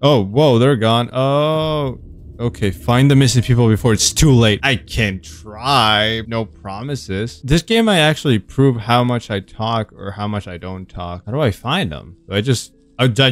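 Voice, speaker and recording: A young man who makes gaming videos plays a horror game, jumpy and easily startled, swearing a lot as he rambles and vents in a self-mocking way. His voice is mid-range at a moderate pace, with soft music playing in the background.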